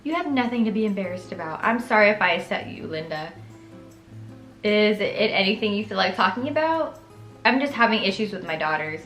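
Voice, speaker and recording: A young woman voicing a caring middle-aged mother from a story game, speaking softly and gently. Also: medium pitch, expressive, fairly quick, roomy sound, soft background music, close to an everyday voice.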